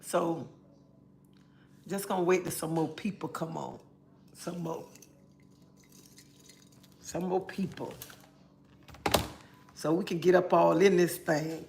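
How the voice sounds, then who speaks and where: A woman hosts a relaxed livestream, calling out viewers by name and chatting easily. She sounds a little under the weather and talks into a phone or webcam mic. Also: fairly low pitch, gravelly, a little hiss or hum. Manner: greets chat viewers by name, drawn-out friendly talk. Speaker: livestream host. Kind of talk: casual livestream chat.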